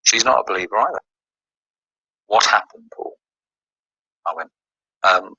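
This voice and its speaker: A man's voice: sits low, normal speed, pauses often, pushed and bright, breathy edge, no room sound, highs cut off. A man from the United Kingdom telling a personal religious testimony, recounting events with quoted dialogue.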